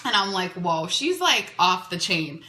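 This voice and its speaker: Woman podcaster rambling through a dating story, bright voice, roomy echo. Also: lowish voice, unhurried, slight background noise. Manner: chatty, animated, many "like"s. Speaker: podcast host. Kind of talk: casual storytelling. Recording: echoey room.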